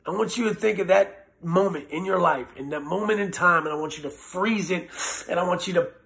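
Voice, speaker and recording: Man, former inmate, raw earnest testimony, gravelly, slightly high voice, blunt and halting. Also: fairly bright tone. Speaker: former prisoner sharing recovery story. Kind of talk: personal testimony.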